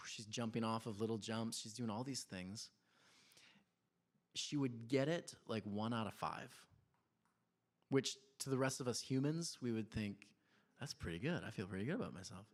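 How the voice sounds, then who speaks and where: A man in his thirties preaching a sermon in a church, telling family stories in a conversational, animated way with laughs and quiet asides. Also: fairly low pitch. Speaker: pastor.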